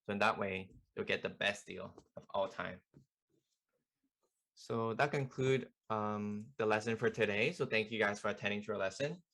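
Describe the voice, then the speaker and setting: A man's voice: fairly low pitch, normal speed. A young man casually teaching a beginner language lesson as a student club tutor, chatty and loose with lots of fillers. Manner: relaxed, chatty, many fillers like "like" and "you know".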